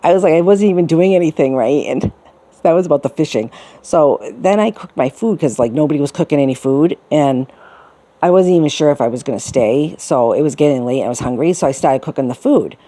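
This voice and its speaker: A woman's voice: low voice, fairly quick, mellow. A middle-aged woman telling a personal story in a casual, rambling way, full of restarts and fillers. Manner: rambling, many restarts and fillers, quotes people in put-on voices.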